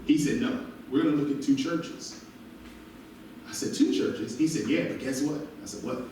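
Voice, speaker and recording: A male pastor preaching an animated sermon, recorded from a distance in a church. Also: medium pitch, moderate pace, a little hiss or hum. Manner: animated preaching with call-and-response asides. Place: church sanctuary. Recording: very echoey church from far off.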